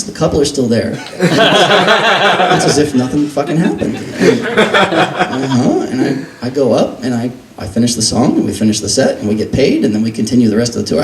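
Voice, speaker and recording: A man telling a comic story from his own life at a live reading, animated, self-deprecating and freely profane. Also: medium pitch, slight background noise. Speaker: author reading from his book. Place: record store reading event. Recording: roomy echo, distant mic.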